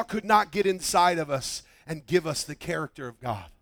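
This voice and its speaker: A man preaching a sermon, swinging between loud emphatic lines and hushed ones. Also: on the high side, expressive, normal speed, hardly any pauses, dry recording, clean studio sound. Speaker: pastor.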